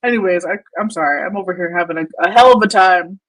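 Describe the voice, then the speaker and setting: A woman who has a young daughter hosts a commentary channel, talking casually over a shared screen while mocking, swearing, and laughing often. Her voice is lowish and fairly bright, she speaks fast, and the recording is rough.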